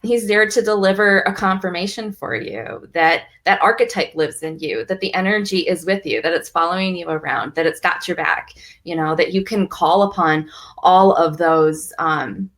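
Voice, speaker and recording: A woman in casual chat, talking in a gentle, reassuring and reflective way. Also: lowish voice, normal speed.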